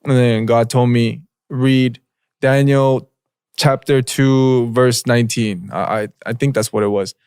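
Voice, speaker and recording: A man's voice: mid-range voice, steady tone, unhurried, darkish tone, clean tone, dry recording, clean studio sound. A young man co-hosting a podcast, telling a story in casual slangy chat with lots of filler words and "bro". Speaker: podcast co-host.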